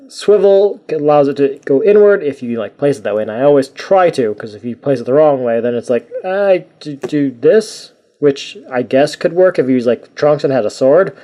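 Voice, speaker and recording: A man's voice: fairly high pitch, mellow. A man giving a casual toy review, rambling and joking at his own expense. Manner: rambling, jokey and self-mocking.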